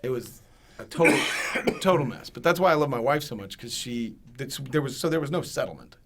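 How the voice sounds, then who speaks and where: A man hosting a podcast who tells a personal story in casual chat and gets loud when he acts out other people. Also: mid-range voice, animated, fairly quick, slight background noise. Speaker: podcast host.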